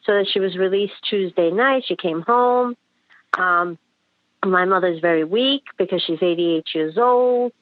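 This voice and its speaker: A middle-aged woman calling in while sick and tired, speaking haltingly with many fillers. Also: lowish voice, no echo. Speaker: caller. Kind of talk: phone call. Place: New York. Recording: tinny phone line.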